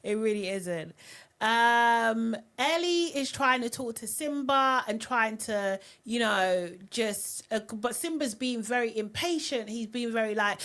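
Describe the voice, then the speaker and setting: A woman hosting a live reality TV recap, talking in an animated, outspoken way. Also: a little high, a little slow. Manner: animated and outspoken, often mocking voices. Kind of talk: live recap and review chat.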